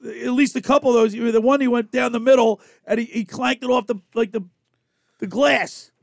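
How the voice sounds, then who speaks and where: A man hosting a heated sports talk show in a studio, emphatic and quick to raise his voice. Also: extremely high pitch, steady tone, gravelly, dry recording. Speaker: sports radio host.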